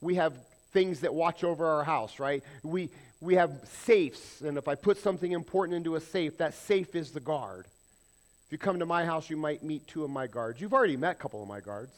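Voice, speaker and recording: High-voiced preacher. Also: male voice, brisk. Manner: emphatic preaching with rhetorical questions. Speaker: pastor. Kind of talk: sermon.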